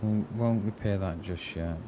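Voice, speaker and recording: A man's voice: fairly low pitch, moderate pace. A man streaming a game, chatting casually in a rambling, hesitant way and often repeating his words. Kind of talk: casual live-stream chat. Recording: game noise behind the voice.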